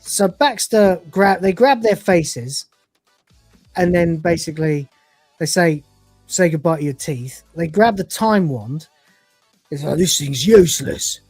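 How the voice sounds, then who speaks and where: A woman with a fairly low voice chats through an episode recap. She keeps breaking into character voices as she retells the scenes. The sound is dry and close, with faint music under it. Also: expressive, measured pace, darkish tone, slightly rough, no echo. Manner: acts out the characters' lines with voices and laughs. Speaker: podcast co-host reviewing episodes. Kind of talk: casual livestream review, retelling scenes.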